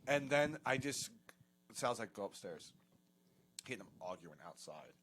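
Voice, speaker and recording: A man's voice: mid-range voice, big pitch swings, moderate pace, fairly bright tone. Male comedian co-host, rambling and profane, with a faint hiss under the voice. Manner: rambling, profane, laughing storyteller. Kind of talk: casual storytelling chat.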